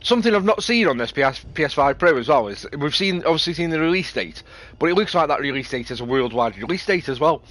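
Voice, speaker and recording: A man's voice: fairly high pitch, expressive, fast, hardly any pauses, a bit bright. A British man chatting casually and rambling as he streams a game, laughing easily. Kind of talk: casual live stream chat.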